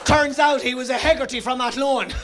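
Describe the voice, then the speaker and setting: A middle-aged Irish comedian on a theatre stage, working a bawdy stand-up routine. His voice sits strikingly high for a man, and his stories run rowdy, with the punchlines bellowed out. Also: fairly even intonation, fairly quick, crowd noise, background noise. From Ireland.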